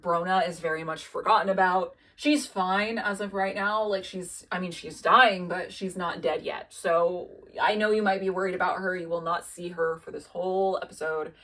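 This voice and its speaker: A woman's voice: lowish voice, fairly bright tone. A young woman doing a casual recap of a TV show, chatty and profane, with lots of "like" and "um". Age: young adult. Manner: casual and profane, lots of "like" and "um", quotes characters in an offhand way. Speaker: video essayist recapping a TV show.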